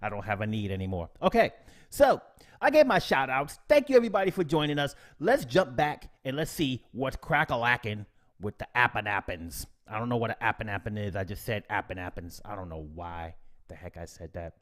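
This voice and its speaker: A man's voice: mid-range voice, very animated, brisk. A young man hosting a casual live stream tutorial, chatty and upbeat, with playful slang, reading out viewers' comments. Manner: upbeat, slangy, chatty, reads chat shout-outs aloud.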